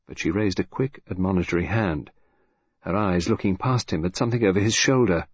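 A man with a husky voice narrating an audiobook in a measured, expressive reading. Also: sits low, no room sound. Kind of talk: scripted narration. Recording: dull, dry lo-fi recording.

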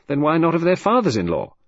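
A sharp-tongued, restless wife, voiced by a man, her words quick and pointed with irony. The voice is raised, a touch husky and full of lively rises and falls. The recording is dry and slightly muffled. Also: fairly high pitch, voice pushed up. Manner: quick, vehement, ironic.

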